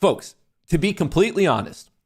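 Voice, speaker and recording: A young man hosting a casual livestream about day trading, swearing often and breaking into loud, jokey bragging. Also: on the high side, fairly quick, slightly rough. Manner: excitable, profane, jokey bragging. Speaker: livestream host, day trader.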